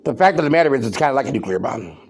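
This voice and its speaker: A man's voice: medium pitch, animated, very fast, slightly rough. A man hosting a podcast, delivering worked-up, emphatic commentary and firing off rhetorical questions. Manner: loud, worked-up. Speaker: podcast host. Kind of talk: ranting commentary.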